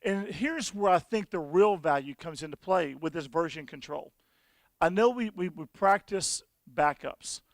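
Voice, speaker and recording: A man presenting at a conference and demoing software, telling folksy stories with frequent restarts. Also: a little high, lively intonation, unhurried, no echo. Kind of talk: conference talk with software demo.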